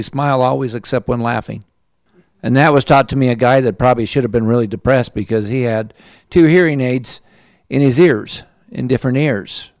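A man's voice: mid-range voice, darkish tone, dry recording, clean studio sound. A man in the audience thanking the speaker and sharing a story, sincere and rambling, with restarts. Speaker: audience member.

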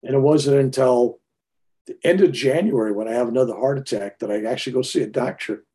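An older man spins a personal tale, his voice mellow and low-key at a middling pitch. He rambles and restarts his sentences, then lifts into animated bursts as he goes. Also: fairly quick. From United States. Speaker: storyteller. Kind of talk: personal storytelling.

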